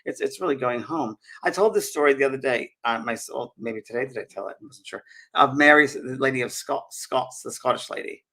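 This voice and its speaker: A man's voice: mid-range voice, brisk, sharp tone. A man co-hosting a casual chat about spirits, rambling with lots of restarts. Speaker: co-host, medium.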